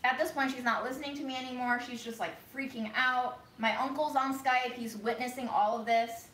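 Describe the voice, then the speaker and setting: Speaking fairly quickly with fairly even intonation, a vlogger whose voice is on the high side and a bit bright vents through a story, frank and profane. The room echoes, she sits somewhat far from the mic, and faint noise lingers behind her.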